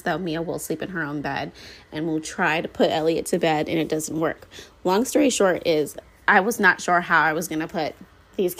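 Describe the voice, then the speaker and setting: A woman's voice: low voice, rough recording. A woman in her thirties hosting a podcast, telling a casual, rambling story full of fillers and self-corrections. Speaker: podcast host.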